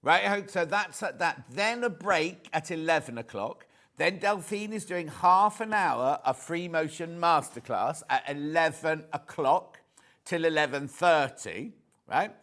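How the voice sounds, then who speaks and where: A man's voice: fairly high pitch, expressive, unhurried, a bit bright. A middle-aged man presenting live on a shopping channel, chatting and reading out viewer messages.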